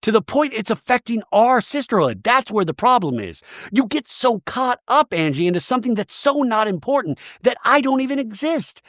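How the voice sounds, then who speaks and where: A man's voice: very high-pitched, big pitch swings, moderate pace, hardly any pauses, a bit bright, dry recording, studio quality, pitched above the performer's own voice, full character voice. A man putting on the voice of a dramatic, offended woman, scolding in an exaggerated way. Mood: indignant scolding.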